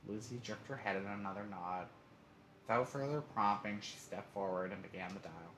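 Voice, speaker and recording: A man's voice: fairly low pitch, moderate pace, a bit bright. A man streaming live, reading a story game aloud with casual asides. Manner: reads aloud with asides and laughs. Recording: roomy echo, faint noise.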